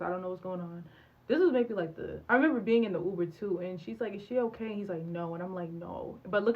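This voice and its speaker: A young woman vlogger, telling a personal story in a candid, animated way and acting out bits of dialogue. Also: medium pitch, dull audio. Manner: animated, candid, acts out dialogue with many fillers. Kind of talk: storytime vlog.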